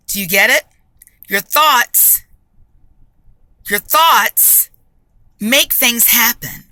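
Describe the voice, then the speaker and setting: A woman giving a spoken faith testimony, emphatic and deliberate, repeating phrases for stress. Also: on the high side, animated, bright, forceful tone, no echo. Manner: slow and deliberate.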